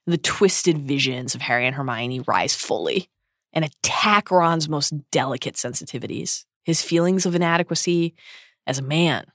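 Woman co-host reading a book essay aloud, measured and earnest, dry close mic. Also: low voice, animated, no echo. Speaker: podcast co-host.

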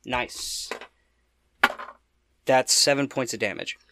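A man's voice: medium pitch, slow pace, bright, forceful tone, slight background noise. A man playing a tabletop game, eager and giggly, hesitating over his moves. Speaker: player. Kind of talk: casual tabletop game play.

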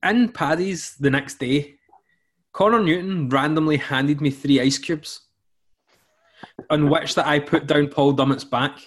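A man's voice: on the high side, measured pace. Chatty young Scottish man, laughing. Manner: chatty, laughs through his stories. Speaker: podcast co-host. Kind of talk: casual chat.

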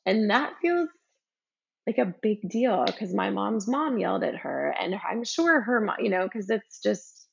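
A woman in her thirties, a podcast guest telling a personal story in a reflective, halting way with many fillers. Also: medium pitch, sing-song, vocal fry, a little hiss or hum. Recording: dull lo-fi recording.

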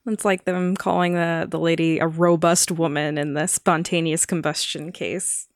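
A woman's voice: low voice, flat delivery, normal speed, no room sound, clean studio sound. Playful joking woman co-host. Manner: joking, playful, frequent laughs. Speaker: podcast co-host. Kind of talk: casual chat.

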